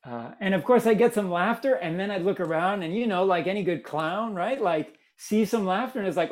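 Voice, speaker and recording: Animated man from Miami telling stories. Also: a little high, a little fast. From Miami, United States. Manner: animated, acts out quoted voices. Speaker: guest, theater maker. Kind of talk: casual storytelling interview.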